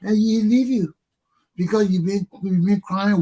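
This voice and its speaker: Husky-voiced man preaching on a talk show. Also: high voice, measured pace. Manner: preachy, animated, acts out quotes. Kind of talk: casual religious discussion.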